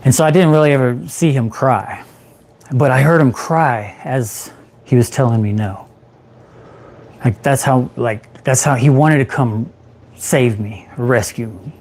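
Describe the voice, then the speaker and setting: A man in his thirties, a peer support specialist, telling his own recovery story on a livestream in an animated way, acting out what he said back then. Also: mid-range voice.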